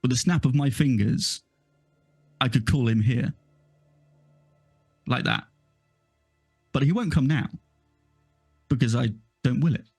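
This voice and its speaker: Man putting on a gloating, creaky old village elder. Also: medium pitch, darkish tone, no room sound, clean studio sound, soft background music. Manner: slow, gloating, contemptuous. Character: scheming old male village elder, menacing and condescending.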